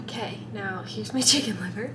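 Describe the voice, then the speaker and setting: A woman's voice: mid-range voice, normal speed. A young woman vlogging in a casual diary style, chatty and earnest, rambling with lots of "like". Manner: chatty, rambling, fills talk with "like"; earnest, heartfelt. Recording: loud background noise.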